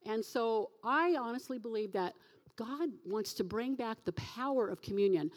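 A woman pastor giving a sermon with a personal testimony, telling her story in an animated way and acting out the voices of the people she quotes. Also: fairly high pitch, long reverb tail.

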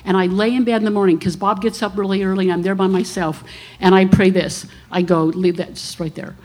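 A woman's voice: medium pitch, flat delivery, fast, darkish tone. Earnest woman in her sixties testifying. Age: 60s. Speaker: minister. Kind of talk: testimony to a church congregation.

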